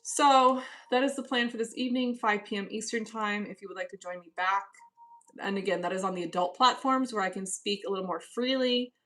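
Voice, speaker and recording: Live-streaming from home indoors, a woman reads chat messages aloud and answers in a cool, dismissive, casual manner. Her voice is medium-pitched, a bit bright, and brisk.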